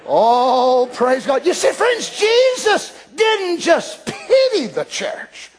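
An older man preaches with real fire. His voice sits unusually high for a man, especially when he climbs into a shout. Between those peaks he drops to quiet, near-murmured asides. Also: very animated, takes it slowly, few pauses. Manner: fervent, swings from hushed asides to shouted declarations. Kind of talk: Pentecostal-style sermon.

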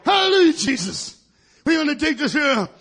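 A middle-aged male preacher delivering a fiery sermon. He swings between shouted peaks and low asides, and drops in hallelujahs. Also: big pitch swings, moderate pace, creaky.

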